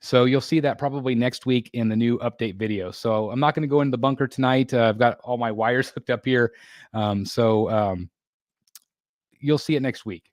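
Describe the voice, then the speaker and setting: A man's voice: mid-range voice, no echo, clean studio sound. A man hosting a casual livestream, reading out viewer comments with lots of fillers, restarts and small laughs. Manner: halting, many fillers and restarts, laughs often. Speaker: livestream host. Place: home room being built.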